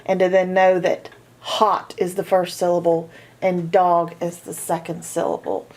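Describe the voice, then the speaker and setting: Woman going slow thru a reading checklist for parents, sounds out letters one by one. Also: on the low side, completely flat delivery, a little mellow. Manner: asks checklist questions and sounds out letters slowly. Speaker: reading teacher for homeschool parents. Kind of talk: instructional walkthrough.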